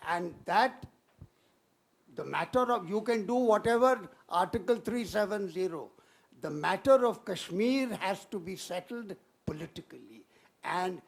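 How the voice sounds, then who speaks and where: High, gravelly-voiced male panelist. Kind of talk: panel discussion.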